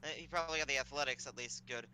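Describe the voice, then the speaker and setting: A man acting as game master, patiently explaining rules and filling pauses with ums while he looks things up. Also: mid-range voice, noisy background. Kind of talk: running a tabletop game online.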